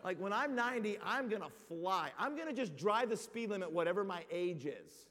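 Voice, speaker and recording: Man, high voice, animated rambling preacher-storyteller, big reverberant hall. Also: fairly quick. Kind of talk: comic storytelling sermon.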